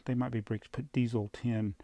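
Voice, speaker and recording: A man's voice: medium pitch, flat delivery, normal speed, heavy background noise. A man chatting casually as a hobby vlogger at home, rambling on and chuckling at himself. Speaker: toy collecting vlogger. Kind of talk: casual chat. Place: room at home with posters on the walls.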